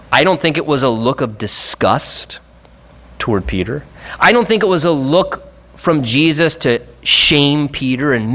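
A man preaching a sermon in an earnest, reflective way, pressing on key phrases and slowing them down. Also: mid-range voice, fairly bright tone, highs cut off.

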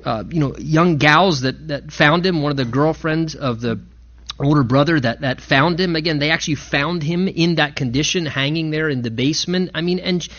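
A man preaching a sermon, impassioned and rising in pitch and volume to stress his points. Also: normal speed, a bit bright, lo-fi sound. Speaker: pastor.

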